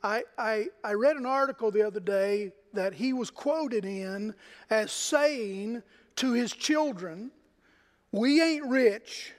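A man's voice: high-pitched, slow, big-room sound. A man pastor giving a sermon in a conversational, folksy way, putting questions to his congregation.

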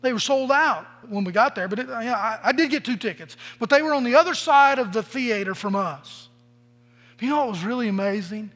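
A man's voice: extremely high pitch, animated, brisk, fairly bright tone. A middle-aged man preaching a sermon as a pastor, telling stories in a conversational way and acting out the quoted voices. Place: church sanctuary. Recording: long reverb of a large hall.

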